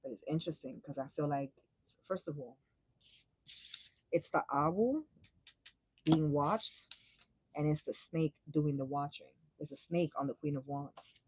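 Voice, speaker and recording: A young woman giving a casual live tarot reading, blunt and profane, full of slang and quick laughs. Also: sits low, darkish tone, slightly rough, rough recording. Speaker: tarot reader.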